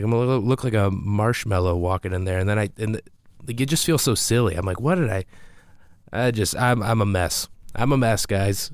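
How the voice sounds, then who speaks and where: Guy rambling thru a funny story about himself, lowish voice, dry close sound. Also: smooth, no echo. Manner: rambling, self-deprecating, frequent restarts. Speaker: comedian. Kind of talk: casual storytelling monologue.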